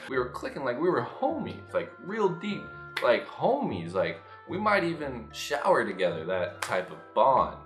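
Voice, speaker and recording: Animated young man telling a story. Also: measured pace, few pauses. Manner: animated, profane, jumps into loud high-pitched impressions. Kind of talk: casual storytime vlog. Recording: echoey room with faint music.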